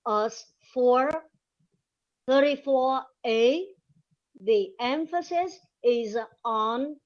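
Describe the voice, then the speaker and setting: A woman whose first language is Vietnamese, presenting a linguistics webinar in slow, deliberate reading with pauses. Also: a little high. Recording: dull lo-fi recording.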